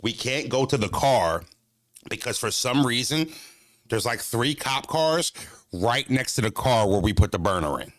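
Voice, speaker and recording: Animated, profane American storyteller man. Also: medium pitch, measured pace, dry recording. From United States. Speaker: vlogger. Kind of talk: casual storytelling vlog.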